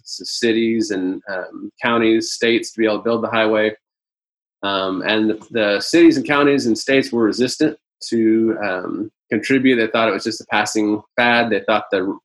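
Halting male webinar presenter, low voice. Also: poor audio. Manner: halting, many fillers. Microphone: video call.

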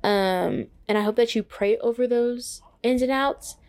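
A woman's voice: fairly high pitch, unhurried, smooth. Earnest young woman sharing her faith. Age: young adult. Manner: earnest and excitable, heavy use of "like". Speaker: podcast host. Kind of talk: casual faith-based reflection.

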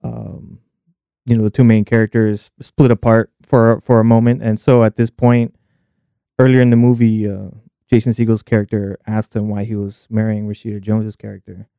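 A man's voice: fairly low pitch, flat delivery, vocal fry, dark tone, clean tone, dry recording, clean studio sound. A man co-hosting a podcast, casually retelling movie scenes and quoting the characters. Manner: retells scenes with quick acted-out quotes and laughs. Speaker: podcast co-host.

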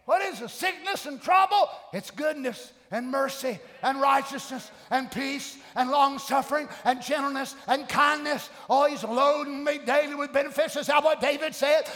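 A middle-aged man preaching a sermon, shouting fervent declarations between folksy asides. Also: extremely high pitch, normal speed. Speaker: pastor. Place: church sanctuary. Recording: long church hall reverb.

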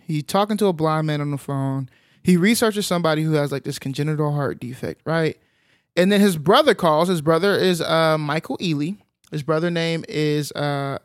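A man casually retelling a film's plot as a podcast co-host, animated and full of filler sounds. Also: a little high, dry recording, clean studio sound. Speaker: podcast co-host recapping a film. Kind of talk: casual film recap chat.

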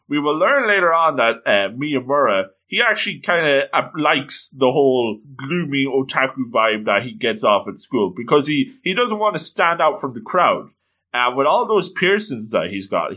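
A man's voice: mid-range voice, bright, forceful tone. A man reading a comic aloud and commenting, gushing with frequent exclamations. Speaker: comic reader and reviewer.

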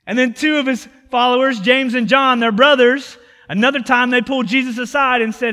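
A man preaching a sermon as pastor, animated, acting out biblical dialogue and swinging from loud passages to hushed ones. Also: very high-pitched, fairly quick, in a large hall.

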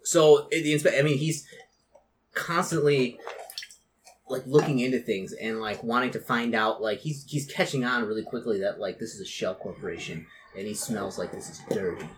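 Male game master, casual and filler-heavy, mid pitch, faint noise behind. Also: steady tone, moderate pace. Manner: loose, many fillers. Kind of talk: narrating a tabletop game.

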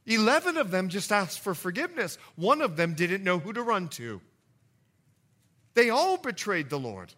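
A man preaching a sermon as pastor, telling a story with jokey asides and swinging between loud and hushed delivery. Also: sits high, big pitch swings, moderate pace.

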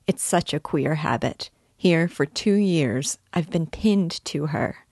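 A woman's voice: deep voice, takes it slowly, a little mellow, husky, no room sound, studio quality, full character voice. Nastenka, a woman reading a teasing young girl. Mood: confiding. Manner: teasing, eager questions. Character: lively playful young woman, teasing and curious. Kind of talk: audiobook character reading.

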